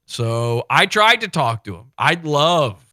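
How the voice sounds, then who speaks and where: A man chatting on a podcast, telling a story in an animated way. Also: on the high side, slow, dry recording, studio quality. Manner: animated storytelling, acts out quotes. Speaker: podcast guest. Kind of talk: casual chat.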